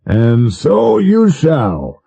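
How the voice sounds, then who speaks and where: Man reading as a gracious middle-aged president, slow and indulgent, low voice, dry sound. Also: sing-song, mellow, husky, no room sound, full character voice.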